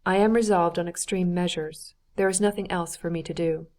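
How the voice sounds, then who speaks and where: A woman voicing a cold, formal nobleman in an audiobook, measured and restrained in delivery. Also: lowish voice, fairly even intonation, a little mellow, natural voice. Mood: bitter. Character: cold, stiff, wounded older nobleman. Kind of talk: audiobook character reading.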